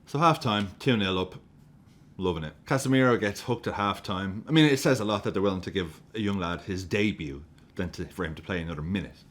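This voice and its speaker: A man reviewing a football match, excitable and sweary, often breaking into laughter as he gushes. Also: low voice, fairly quick. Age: adult with a young daughter. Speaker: football fan vlogger.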